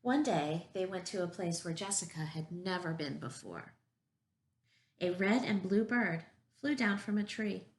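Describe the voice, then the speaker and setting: A woman preschool teacher reads a picture book aloud for young children. Her voice sits on the low side with a noticeable gravelly fry. She talks gently and encouragingly, guiding the kids along. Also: expressive, a little slow. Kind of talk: children's story time reading.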